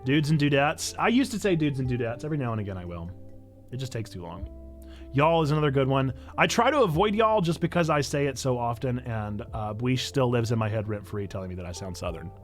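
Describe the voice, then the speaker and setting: A pastor from Illinois with a Northern Illinois accent, chatting casually on a livestream and answering chat in a playful, self-mocking way. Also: male voice, medium pitch, big pitch swings, brisk, faint music behind. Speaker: pastor and streamer.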